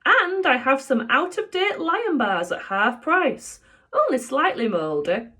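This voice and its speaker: A woman voicing a cheerful, chatty male shopkeeper with bright sales patter in a read-aloud storybook. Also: high-pitched, very animated, a little slow, voice pushed up, exaggerated voice.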